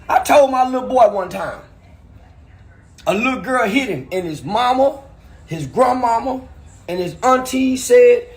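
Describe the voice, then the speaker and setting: A man telling profane stories in an animated, ranting monologue with loud outbursts. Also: very high voice, a little slow, long pauses, echoey room. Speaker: commentator.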